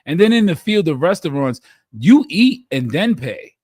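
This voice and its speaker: A man with a slightly high voice in a casual podcast chat. He works through his points thoughtfully, restarting and posing questions to the group. The sound is close and dry. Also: sing-song, normal speed, a little mellow, husky, no room sound.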